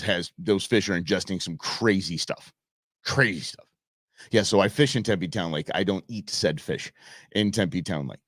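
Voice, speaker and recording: Male talk show host, deep-voiced, rambling and jokey, dry close sound. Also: no room sound. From Arizona, USA. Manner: chatty, rambling, jokey with many restarts. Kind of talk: casual talk show monologue.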